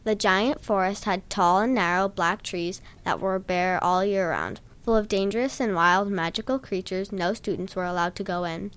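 A woman reading a story aloud in a plain, steady storytelling manner with a few stumbles. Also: mid-range voice, normal speed, few pauses, clear, resonant tone. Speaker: reader.

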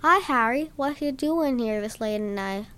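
A woman voicing a big, gentle, secretive gamekeeper who talks hastily and reassuringly. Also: fairly high pitch, animated, moderate pace, clean tone, voice pushed up. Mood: hasty. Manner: hasty, reassuring.

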